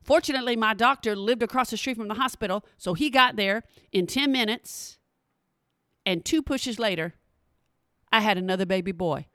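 Animated woman telling a story. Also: medium pitch, moderate pace, no echo, clean studio sound. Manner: animated, emphatic, talks straight to listeners. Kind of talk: casual personal storytelling.

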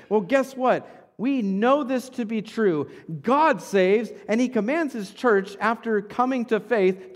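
A man in his thirties preaching a sermon as pastor, conversational, often checking in with the congregation by asking "right?". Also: high voice. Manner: conversational preaching with frequent tag questions. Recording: long hall reverb.

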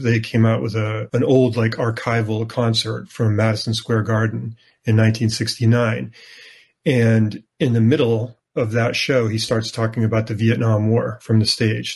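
Husky, even-toned male author. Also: lowish voice. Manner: measured, explanatory, unhurried. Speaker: author and historian guest. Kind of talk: interview answers.

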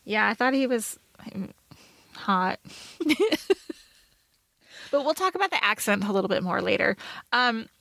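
A woman co-hosting a podcast in casual chat, talking fast and loose with lots of fillers and playful quoted asides. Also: medium pitch, lively intonation, gravelly, sharp tone, dry recording. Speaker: podcast co-host.

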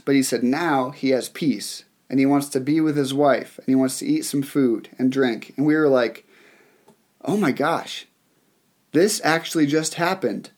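A young adult man preaching a sermon, telling a story in an animated way with fillers and restarts. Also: mid-range voice. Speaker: pastor.

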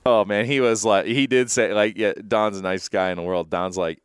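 Deep-voiced, smooth casual host. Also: male voice, fairly even intonation, no echo. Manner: rambling storyteller, quick repeated restarts. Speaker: podcast host. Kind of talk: casual interview chat.

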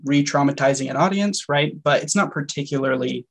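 Young man, earnest unhurried poet. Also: fairly high pitch, vocal fry, a bit bright. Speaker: poet and student. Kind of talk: webinar panel conversation. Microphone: video call.

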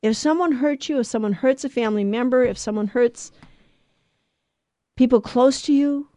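A woman's voice: a little high, normal speed, pauses often, mellow, dry recording. A middle-aged woman giving an earnest religious teaching talk on family life, stressing points by repeating words. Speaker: Catholic speaker on family life.

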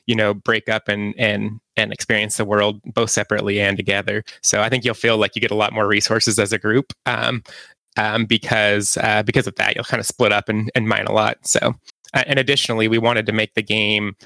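A man's voice: fairly low pitch, level tone, fairly quick, creaky, bright, forceful tone, dry recording. A man being interviewed as a game developer guest, explaining at length with many ums and restarts. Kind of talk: podcast interview.

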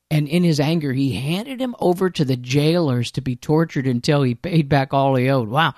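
A man's voice: on the high side, lively intonation, moderate pace, no echo, studio quality. A man preaching a sermon in an earnest, emphatic way, with conversational asides to his listeners.

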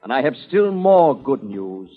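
An actor playing a haughty, gloating English army colonel in an old-time radio musical, with a commanding, mocking delivery. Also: male voice, medium pitch, sing-song, measured pace, phone-quality sound. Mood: sneering.

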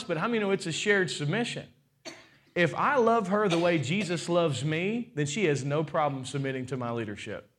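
During a sermon, a pastor in his forties keeps asking his audience rhetorical questions. His voice rises and falls in pitch and volume with real liveliness, and he throws in playful side comments.

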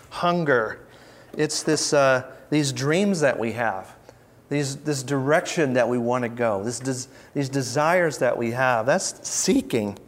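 A man giving an informal Bible teaching, conversational and reflective, with pauses and restarts as he reads verses aloud. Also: medium pitch. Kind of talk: informal teaching talk with scripture readings.

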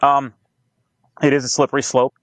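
A man's voice: mid-range voice, normal speed, dry recording. A man guest on a podcast interview, telling cop stories with lots of swearing and quoted back-and-forth. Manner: profane, animated storytelling with quoted dialogue. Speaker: police training company founder, guest.

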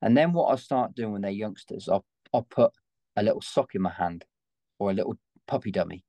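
A man's voice: lowish voice, dark tone, no room sound. An Englishman who trains gun dogs, a guest in a conversational interview, explaining his methods emphatically. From England.

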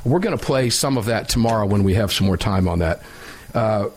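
Man, talk radio host, sarcastic, emphatic, very lively pitch. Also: fairly quick. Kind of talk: opinionated talk radio commentary.

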